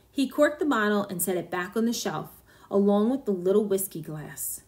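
A woman reading a short story aloud in a steady, measured narration. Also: medium pitch. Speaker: story reader.

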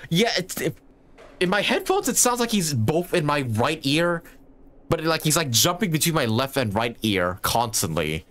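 A man's voice: fairly high pitch, very animated, normal speed, a bit bright, slight background noise. A man streaming a video game, reacting with baffled laughter and swearing in casual commentary.

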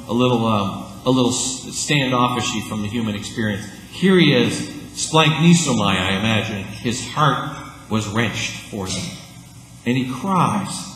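Male pastor, lively sermon delivery with loud and hushed turns, church with long reverb and faint room hum. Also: a little high. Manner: animated, swinging between loud calls and hushed asides. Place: church sanctuary. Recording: echoey church hall.

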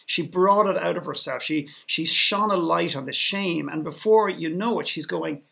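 Gravelly-voiced Irish man telling a story. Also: fairly high pitch, normal speed, sharp tone. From Ireland. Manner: sarcastic, with frequent restarts. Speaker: podcast guest. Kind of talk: storytelling in a panel conversation.

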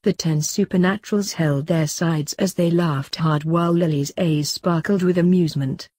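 Low husky woman reading fanfiction. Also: steady tone, normal speed, mellow, no echo, studio quality. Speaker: fanfiction reader.

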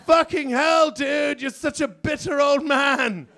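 A man voicing a snooty young male elephant who whines and shouts in outrage. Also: extremely high pitch, big pitch swings, moderate pace, some chatter behind, pitched above the performer's own voice. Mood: outraged. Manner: whiny, outraged, shouting complaints.

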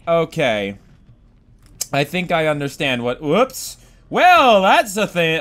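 Male let's-play host with a high voice and an unhurried pace, jumping between low mutters and sudden yelled outbursts. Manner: excitable, swings from mumbling to shouting, swears. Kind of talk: gaming commentary.

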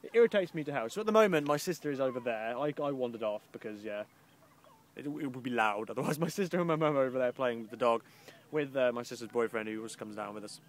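Fast-talking in a mid-range voice, with a little hiss or hum on the audio, a young Midlands man films a casual coastal vlog on a handheld camera. He rambles, grumbles, and gets sarcastic, slipping into mock posh accents.

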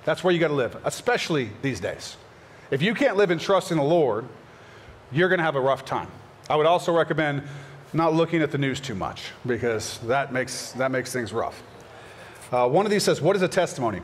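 Church pastor guy doing q&a, earnest and chatty, slightly higher voice. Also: animated, a little fast. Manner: earnest, conversational, acts out short prayers in a higher voice. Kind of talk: church Q&A session.

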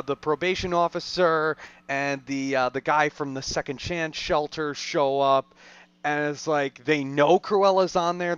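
A man's voice: a little high, fairly bright tone, clear, resonant tone, dry recording, lo-fi sound. A man co-hosting a podcast, chatting casually about a film in a rambling way full of fillers. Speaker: podcast co-host.

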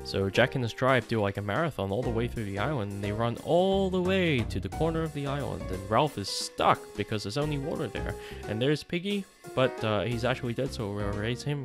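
A man's voice: medium pitch, expressive, brisk, over music. A man giving a casual, playful summary of a novel, full of mock-dramatic asides. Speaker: online book explainer. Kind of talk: casual comic book summary.

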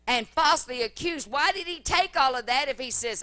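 Fervent, bright-voiced woman preacher. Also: high voice, lively intonation, moderate pace. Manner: fervent, building to loud emphatic declarations. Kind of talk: revival-style sermon. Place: church service.

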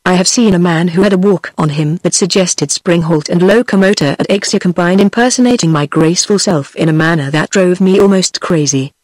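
A British-accented text-to-speech woman's voice reading the lines of an aggrieved, boastful royal male ghost, in the same flat synthetic style as the narration. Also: lowish voice, brisk, hardly any pauses, no room sound, close to an everyday voice, low-quality recording. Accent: British English.

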